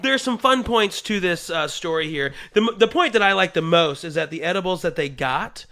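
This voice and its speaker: A young man hosting a podcast in a studio, chatting loudly and casually and talking around a slight stutter. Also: high voice, moderate pace. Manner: loud, animated, puts on voices in anecdotes. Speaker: podcast host. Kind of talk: casual chat.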